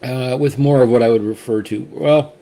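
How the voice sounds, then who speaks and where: A man's voice: mid-range voice, fairly even intonation, normal speed, mellow. A man hosting a casual whiskey tasting chat, rambling and restarting often as he shares his impressions. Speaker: whiskey reviewer, co-host.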